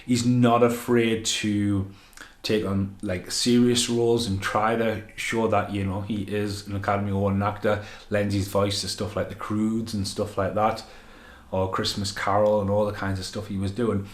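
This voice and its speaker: A man giving an unscripted, rambling film review, excitable and full of swearing. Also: on the low side, moderate pace. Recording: echoey room.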